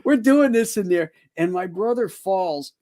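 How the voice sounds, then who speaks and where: A man's voice: sits high, lively intonation, unhurried, darkish tone. A middle-aged man in casual chat, telling jokey childhood stories. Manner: jokey, chatty.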